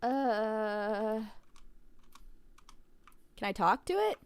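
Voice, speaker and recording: A woman's voice: fairly high pitch, expressive, drawn-out words, creaky, clear, resonant tone, dry recording. A woman streaming a game, playful and joking, reading dialogue aloud with silly voices into a desk microphone.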